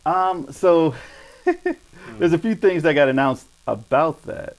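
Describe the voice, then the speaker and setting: A man's voice: on the high side, slow, low-quality recording. A man hosting a casual gaming podcast, reading news in a laid-back way with frequent laughs. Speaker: podcast host.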